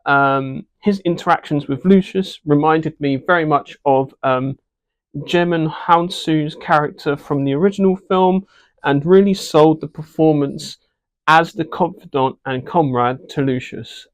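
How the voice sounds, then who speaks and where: A man's voice: fairly high pitch, a little slow. A man with a slightly raised voice talks through a film review off the cuff. He hesitates often and fills gaps with ums and uhs. His opinions come out blunt and candid. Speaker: movie reviewer. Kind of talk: casual unscripted review.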